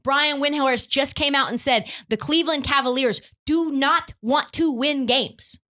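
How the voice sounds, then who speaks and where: A woman's voice: high voice, measured pace, bright, forceful tone. A young woman hosting a sports podcast, ranting in an emphatic, profane, opinionated way. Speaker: podcast host.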